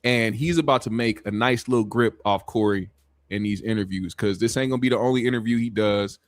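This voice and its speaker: A man's voice: fairly low pitch, fairly quick, dry recording, studio quality. A man hosting a casual commentary stream, rambling in a laid-back, profane way. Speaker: show host.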